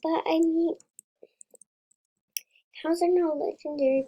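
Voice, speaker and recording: Female gaming creator, casual play-by-play; slightly high, unhurried, warm tone with excitable bursts and whispered asides. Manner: chatty and excitable, drops into whispers. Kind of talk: casual gameplay commentary.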